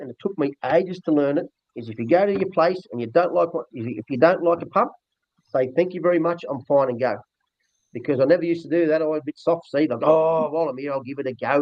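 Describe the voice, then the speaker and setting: A man's voice: on the high side, dry recording. An older man with an Australian accent, a dog trainer talking bluntly and rambling earthily in a casual interview. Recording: dull lo-fi dry recording.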